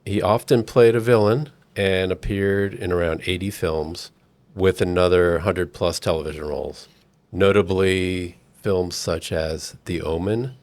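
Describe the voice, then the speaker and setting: A man hosting a casual film podcast, reading cast details in a measured way. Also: sits low, fairly even intonation, a little mellow. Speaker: podcast host.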